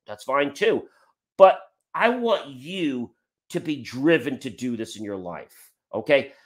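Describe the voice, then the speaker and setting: Man giving an urging motivational talk. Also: fairly high pitch. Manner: direct, urging, talks straight to viewers. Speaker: motivational speaker.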